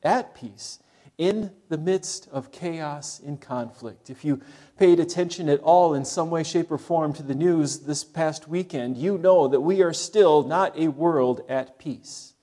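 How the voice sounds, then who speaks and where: A middle-aged man preaches a sermon, talking to his listeners like a friendly pastor. His voice sits a little high for a man, and he sinks to quiet, low tones to stress a point. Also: measured pace. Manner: conversational preaching, dropping to soft low tones for emphasis.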